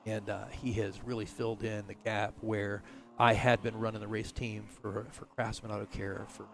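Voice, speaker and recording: A man's voice: on the low side, flat delivery, moderate pace, vocal fry. A middle-aged man telling a rambling story in a casual interview, full of fillers and restarts. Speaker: race team owner, interview guest.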